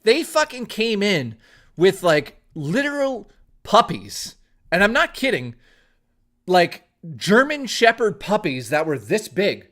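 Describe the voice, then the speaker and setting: A young man from Toronto streaming, telling a long story in a rambling, animated way, swearing freely. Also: high-pitched, takes it slowly. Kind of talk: casual storytelling on a live stream.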